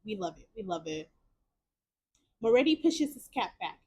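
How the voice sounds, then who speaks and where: A young woman streamer reads a choice-based story game aloud. She breaks off often into excited, exclamatory reactions and repeats words. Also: medium pitch, moderate pace, pauses often, husky.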